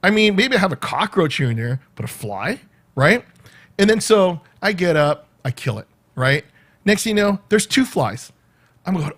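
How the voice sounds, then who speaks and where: A man's voice: high-pitched, moderate pace. A man vlogging from his home, telling a rambling story to the camera and often breaking off with "right?". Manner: animated, rambling, peppered with "right?" and laughs.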